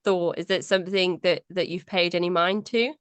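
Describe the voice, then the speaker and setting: Woman interviewer, smooth resonant voice, thoughtful and enthusiastic, dry close sound. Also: lowish voice, steady tone, normal speed, no echo. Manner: reflective questions, enthusiastic reactions. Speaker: podcast host. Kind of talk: interview questions and casual chat.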